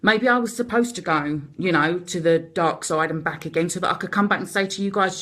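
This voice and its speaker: A woman with a Cockney accent hosting a live stream, chatting rapidly and encouragingly to her viewers. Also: on the low side, a bit bright. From London. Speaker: host of a live support video. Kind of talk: casual live-stream chat.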